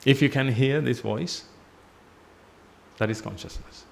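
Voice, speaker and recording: Gravelly-voiced man preaching a sermon. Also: medium pitch, unhurried. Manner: repetitive, emphatic teaching with rhetorical questions; drops his voice on "ladies and gentlemen". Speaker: Buddhist monk giving a sermon. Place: temple hall.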